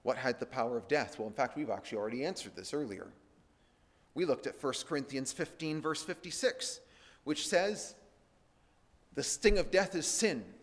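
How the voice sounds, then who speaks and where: A man teaching a Bible sermon, slowing and raising his voice when he reads scripture aloud. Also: medium pitch, animated. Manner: slows and lifts his voice to read scripture aloud. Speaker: preacher. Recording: long hall reverb.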